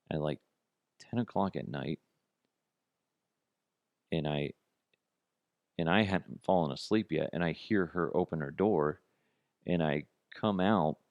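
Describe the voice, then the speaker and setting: A middle-aged man hosting a podcast, telling profane, comic stories in a casual way and jumping to a high, disbelieving pitch. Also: gravelly, dry recording. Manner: profane, animated, jumps to high incredulous pitch. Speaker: podcast host. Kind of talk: casual comedic storytelling.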